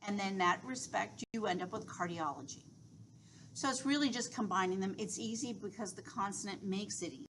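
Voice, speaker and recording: A woman's voice: medium pitch, fairly quick, a bit bright, a little hiss or hum, poor audio. Woman teaching, patient and step by step. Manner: reassuring, explains step by step with fillers. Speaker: instructor. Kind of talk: recorded lecture.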